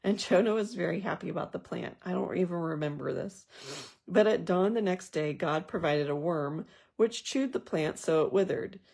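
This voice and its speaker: A woman's voice: on the low side, normal speed, gravelly, a little mellow. A woman leading a casual Bible study. She reads scripture aloud and then talks through it in a thoughtful, conversational way with personal asides. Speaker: Bible journaling teacher.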